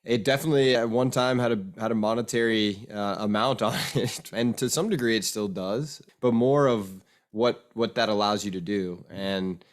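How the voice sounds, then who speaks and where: A young man on a podcast, thoughtful and halting, with frequent restarts. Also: fairly low pitch. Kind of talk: casual chat.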